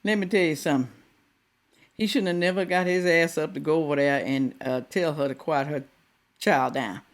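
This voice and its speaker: A woman's voice: deep voice, normal speed, slight background noise. A middle-aged woman hosting a reaction video, giving casual commentary and firing rhetorical questions at her viewers.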